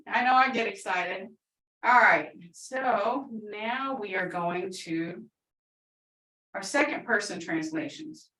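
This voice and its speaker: Slow-spoken woman teaching online. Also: fairly high pitch, pushed and bright. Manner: patient, explains step by step, says native words slowly. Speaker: language teacher. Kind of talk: online language class. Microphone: video call. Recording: echoey room, distant video-call mic.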